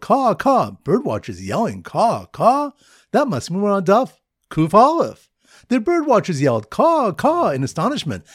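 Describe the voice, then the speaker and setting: A husky-voiced man teaching a Talmud page, his slightly raised voice swinging widely up and down. He tells memory-aid stories with sing-song emphasis, recorded close and dry with no room sound. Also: on the high side, no echo. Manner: lively storytelling with sing-song emphasis on repeated phrases. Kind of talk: mnemonic Talmud study lesson.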